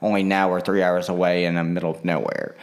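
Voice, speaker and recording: A man's voice: low-pitched, flat delivery, fast talker. A man in a casual vlog monologue, rambling with lots of fillers and restarts.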